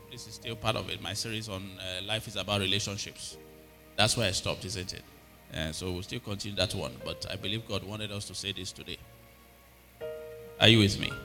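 Bright-voiced preacher man in a hall. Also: fairly low pitch, brisk, faint music behind. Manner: preaching with repeated call-outs to the congregation. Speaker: pastor. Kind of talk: sermon.

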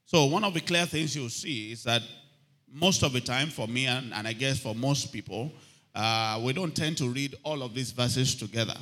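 A man's voice: mid-range voice, moderate pace, fairly bright tone. A man preaching a sermon, calling for amens from the congregation and reading scripture aloud with rising emphasis. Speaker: pastor.

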